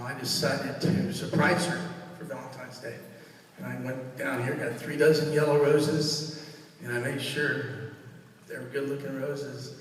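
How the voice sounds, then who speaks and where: A middle-aged man giving a funeral eulogy for his mother, halting and emotional, searching for words as he tells warm stories. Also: mid-range voice. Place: funeral service hall. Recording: echoey hall, far from mic.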